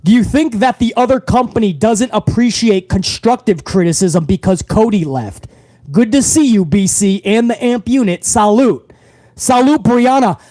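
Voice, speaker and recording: A brash, foul-mouthed man hosts a live wrestling talk stream, loud and unfiltered as he rants at his viewers. His voice sits unusually high for a man and sounds close and bone-dry. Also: normal speed, no echo. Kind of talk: profane live-stream rant.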